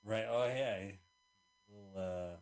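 Low-voiced man making wry movie jokes. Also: takes it slowly, smooth. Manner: wry, joking comments. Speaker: podcast co-host. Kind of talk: casual movie commentary.

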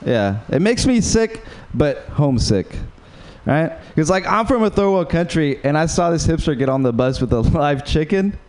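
A young man from Uruguay doing a stand-up set at an open mic, rambling and halting, full of fillers and self-mocking laughs. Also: on the high side, lively intonation, a little mellow. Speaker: stand-up comedian.

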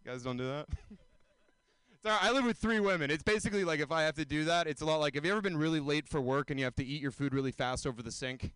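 A man in his twenties performing a self-mocking stand-up set, often jumping into high mocking voices. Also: quick pace, a bit bright, clean tone, no room sound. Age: 20s. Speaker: stand-up comedian.

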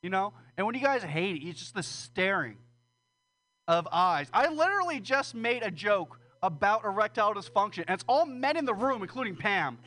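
A man's voice: high voice, expressive, normal speed, sharp tone. A man doing a rambling, profane, self-deprecating stand-up set at an open mic. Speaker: stand-up comedian. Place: small comedy room with audience.

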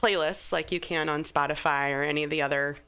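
A woman's voice: low-pitched, fairly even intonation, fast, a bit bright, smooth. A woman in her thirties chatting enthusiastically as a radio guest, rambling and restarting as she goes. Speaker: guest musician. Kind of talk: casual radio chat.

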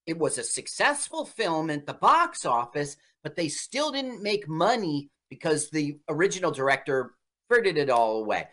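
A man's voice: fairly high pitch, very animated, normal speed, fairly bright tone. Chatty man explaining film history. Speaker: film commentary co-host. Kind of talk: casual chat over a movie.

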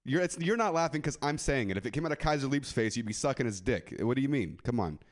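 A man's voice: medium pitch, expressive, quick pace. A man doing a live stand-up set on a club stage, crude and rambling, often laughing at his own jokes. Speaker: stand-up comedian.

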